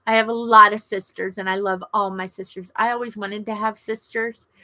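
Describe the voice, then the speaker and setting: Her mid-range voice is steady and sharp in tone, moving at a normal speed. She's a middle-aged Southern US woman hosting a casual livestream and chatting with viewers in a gushing, rambling way.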